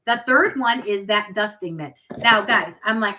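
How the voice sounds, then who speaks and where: A woman's voice: mid-range voice, normal speed, bright, forceful tone, low-quality recording. A woman in her forties hosting a live product demo on webcam, chatty and upbeat, with asides to her viewers. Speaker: product party host.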